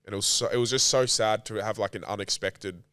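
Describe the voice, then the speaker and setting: A man's voice: on the low side, fairly even intonation, fast talker, bright, forceful tone, smooth, dry recording, clean studio sound. A man, a podcast co-host telling an emotional story in casual chat, rambling and swearing freely.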